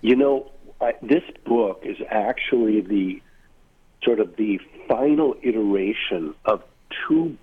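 Male author guest, husky and thoughtful, heard over a thin phone-like connection. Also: lowish voice, takes it slowly. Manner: thoughtful, musing, many asides. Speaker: author being interviewed. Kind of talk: reflective conversational interview. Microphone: remote line from far away. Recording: tinny phone-like line.

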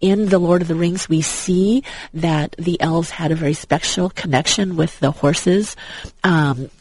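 A man's voice: fairly high pitch, fairly even intonation, unhurried, husky, no echo, low-quality recording. A man chatting as an enthusiastic movie fan, rambling with many restarts and fillers. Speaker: guest.

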